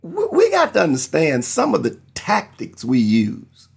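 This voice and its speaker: A man's voice: fairly high pitch, huge pitch swings, measured pace, vocal fry, slightly rough. A man preaching a sermon, earnestly telling a personal testimony and acting out the people in his story. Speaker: pastor.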